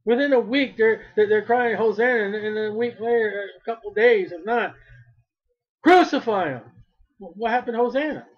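A man's voice: sits high, fairly even intonation, a little fast, few pauses, muffled recording. A male preacher giving a fervent sermon, repeating his phrases and rising to cries when he quotes.

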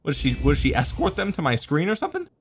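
A man's voice: a little high, huge pitch swings, very fast, a little hiss or hum. A young man giving gameplay commentary, with exasperated, joking rants at the game. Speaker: gaming content creator.

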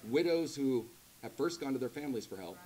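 A man preaching a sermon in a church, animated and conversational, rising to loud emphatic peaks. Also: medium pitch, fairly quick. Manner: conversational asides with laughter. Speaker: pastor.

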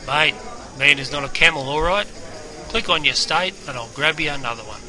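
A man's voice: on the high side, moderate pace, sharp tone. An Australian-accented man playing a brash, chummy pub barman who talks in slangy, matey banter. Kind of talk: scripted character narration.

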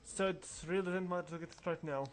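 A man's voice: sits high, steady tone, fast, slight background noise. A man giving casual, rambling commentary over a role-playing game walkthrough, mumbling through asides. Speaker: let's play narrator.

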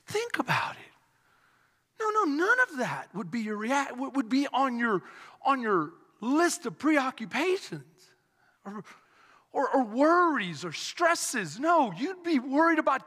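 A male pastor preaching with fervor, his voice high and bright. He tells stories dramatically and rises to shouts at the peaks. The sound carries a long reverb from a large hall. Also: sing-song, a little slow. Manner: impassioned, shouting at climaxes, dramatic storytelling. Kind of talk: sermon.

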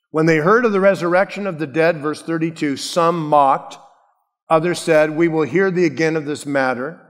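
A pastor with a fairly high male voice delivers an earnest, emphatic sermon, asking his listeners pointed questions. His voice rings with a long reverb through the church hall. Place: church sanctuary.

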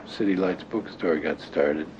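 An older man reminiscing in an interview, talking haltingly with many restarts and fillers. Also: low voice. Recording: dull lo-fi audio with clear noise.

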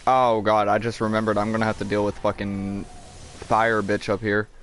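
A man's voice: fairly low pitch, flat delivery, normal speed, fairly bright tone, slight background noise. A man hosting a live gameplay stream, chatting, joking and swearing as he plays and reads out messages. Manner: profane, joking banter.

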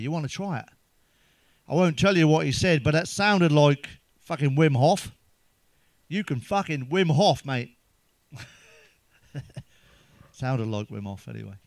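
A middle-aged man delivers crude stand-up jokes, swearing freely and chuckling at his own lines. His voice sits a little high for a man and sounds dry and close, with no room echo. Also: vocal fry. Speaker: stand-up comedian.

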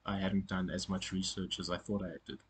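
A man giving a casual spoken lesson on pronunciation, often halting and repeating words as he corrects himself. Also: low voice, level tone, a little hiss or hum. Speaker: language teacher.

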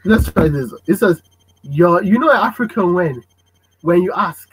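A man hosting a casual podcast chat, animated and fond of acting out parents' voices. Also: sits high, a little slow, slightly rough, rough recording. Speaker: podcast host.

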